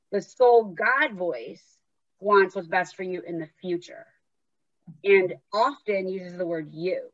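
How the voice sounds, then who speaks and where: A woman's voice: medium pitch, a little slow, fairly bright tone, no echo, muffled recording. A woman talking casually as a podcast host, telling stories and acting out the voices in her head. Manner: chatty storyteller, acts out inner voices. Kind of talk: casual conversation.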